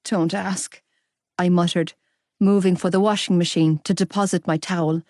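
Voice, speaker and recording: This scripted romance audiobook is read by a woman whose voice sits on the low side, her delivery calm and even. The sound is clean studio audio without any room sound.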